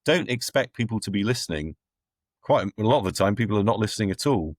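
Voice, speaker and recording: Blunt, deep-voiced man giving opinions. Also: expressive, fast talker, no echo, studio quality. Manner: opinionated, blunt, wry asides. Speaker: guest. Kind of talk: conversational interview answers.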